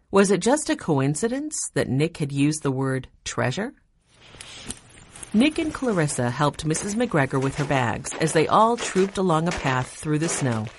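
A woman narrating a children's chapter book in a clear, even storytelling manner. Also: deep voice, no room sound, studio quality. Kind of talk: audiobook narration.

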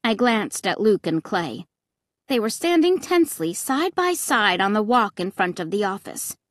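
A woman narrating an audiobook in the first person, with expressive, dramatic storytelling on a close mic. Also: mid-range voice, normal speed, no room sound.

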